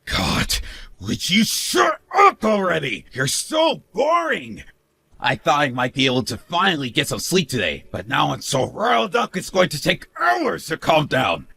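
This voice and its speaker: Brief: male voice as a cruel sneering husband, shouty and taunting, lively bright delivery. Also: medium pitch, moderate pace, creaky, hardly any pauses, husky, no room sound, heavily acted. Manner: sneering, mocking laughs, shouts. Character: smug cruel young husband, mocking and bossy. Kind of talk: animated story narration.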